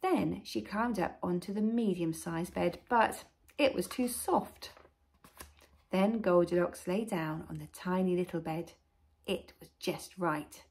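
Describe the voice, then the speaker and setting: A woman, a nursery teacher, reading a storybook to young children with an expressive, gently coaxing manner and soft asides. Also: lowish voice, unhurried, creaky.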